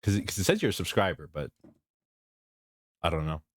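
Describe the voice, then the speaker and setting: A man's voice: deep voice, big pitch swings, a little fast, dry recording. A young man streaming as a vtuber, chatting casually and playfully, often cracking up with laughter. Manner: giggly, easily breaks into laughter; mock-grand, playful self-introduction. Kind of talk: casual live stream chat.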